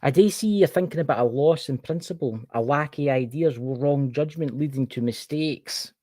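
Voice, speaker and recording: A man with a Scottish accent runs a chatty tarot reading on a livestream, naming each card and talking straight to one viewer. His voice is mellow and relaxed, set close and dry with no room around it. He keeps it informal and easygoing. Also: a little high, moderate pace, no echo. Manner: chatty, reads each card aloud and addresses the viewer by name.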